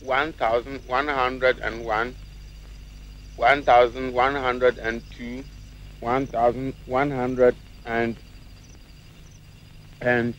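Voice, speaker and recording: A man's voice: a little high, sharp tone, husky, heavily acted. An actor playing a boastful trickster who blusters, threatens and coaxes, switching between languages, on dull old film sound. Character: boastful trickster Ananse, sly adult man. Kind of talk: 1960s film acting.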